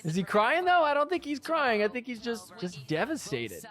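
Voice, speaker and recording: A man's voice: very high-pitched, wildly swooping pitch, moderate pace, a bit bright. A man hosting a podcast, giving casual, teasing commentary over sports clips and laughing often. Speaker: podcast host.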